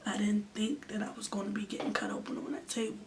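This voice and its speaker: A woman's voice: mid-range voice, completely flat delivery, fast talker, darkish tone. A woman in her twenties telling an emotional storytime in an earnest way, sometimes sinking to a near-whisper. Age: 20s. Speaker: vlogger. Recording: distant mic with faint background noise.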